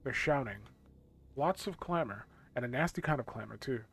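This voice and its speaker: A man's voice: mid-range voice, lively intonation, normal speed, creaky, breathy edge. A man voicing a weary, grumbling male town guardsman from a game.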